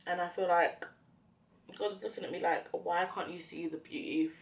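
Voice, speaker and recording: A woman's voice: on the low side, fairly even intonation, moderate pace, gravelly. A young woman vlogger chatting casually while doing her makeup, talking in a reflective, rambling way with many fillers. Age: young adult. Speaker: beauty vlogger.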